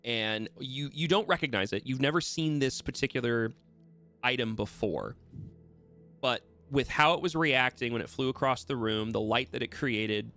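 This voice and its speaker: A man's voice: medium pitch, fairly bright tone. A man running a tabletop game as dungeon master, narrating casually with fillers and restarts.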